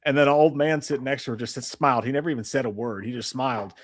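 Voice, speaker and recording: Speaking fast in a mid-range voice, this forties-aged live stream host spins a meandering, joke-filled tale with crude humor in casual chat. The audio is clean studio sound with no echo.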